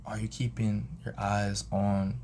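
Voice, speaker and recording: A man's voice: on the low side, a little slow, slight background noise. A young man telling a personal story in a casual vlog, acting out the people he quotes with sudden jumps in voice. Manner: animated, acts out quotes with big jumps in voice. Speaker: vlogger.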